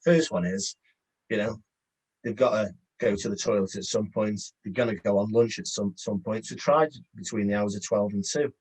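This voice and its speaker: A man's voice: on the low side, moderate pace, darkish tone, husky, rough recording. An English man giving a chatty online sales workshop, talking conversationally and acting out phone calls. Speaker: webinar presenter.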